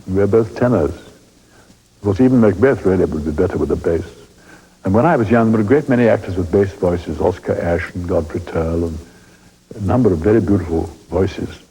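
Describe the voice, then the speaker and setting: A man's voice: low voice, a little fast, dark tone, breathy edge, poor audio. An English man in his eighties telling wry theatre anecdotes in an interview, chuckling as he reminisces. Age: 80s. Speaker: veteran stage actor interviewed.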